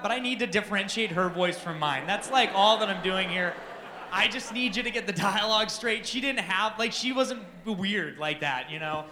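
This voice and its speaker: A man telling a comic personal story to an audience, animated and self-deprecating, acting out the dialogue. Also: high voice, moderate pace, roomy sound. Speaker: speaker addressing an audience.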